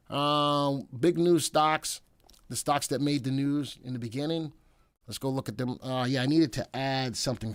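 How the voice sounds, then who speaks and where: A man's voice: on the high side, no room sound. A man hosting a live stock market show, talking casually and wandering into joking asides. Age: adult, past military service.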